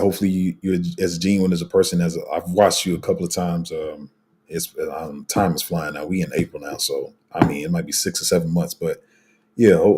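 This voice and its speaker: A man's voice: sits low, mellow, breathy edge. A man hosting a casual crypto livestream, rambling through viewer comments with lots of fillers, restarts and slang.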